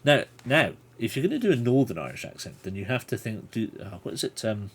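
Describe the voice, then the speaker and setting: Husky, chatty man reading a gamebook. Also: lowish voice, sing-song, quick pace, a little mellow. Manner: playful, chatty asides to chat. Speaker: livestream host reading a gamebook. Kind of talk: reading aloud and chatting with viewers.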